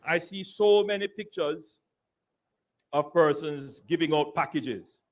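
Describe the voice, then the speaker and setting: Earnest man, slightly high voice. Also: slow. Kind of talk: public speech.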